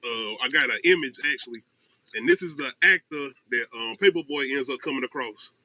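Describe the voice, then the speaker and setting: A man hosting a casual podcast chat, animated and loose, with lots of fillers. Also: mid-range voice, brisk, rough recording. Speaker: podcast host.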